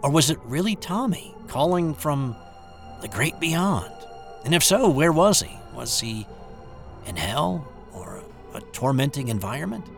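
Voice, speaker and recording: Man reading a ghost story, lively. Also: fairly high pitch, unhurried, creaky, faint music behind. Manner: expressive, dramatic reading.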